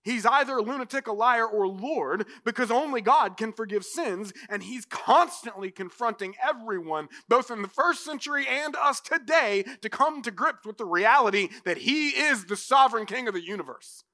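A man pastor preaching a sermon in an animated, conversational way, often filling in with "like". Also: very high voice, moderate pace, hardly any pauses.

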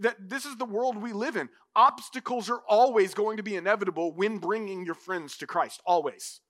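A man with a high, bright voice preaches to his church. He talks in a loose, conversational way, full of "like" and quick asides. His delivery stays animated and easygoing. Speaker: pastor. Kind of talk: sermon.

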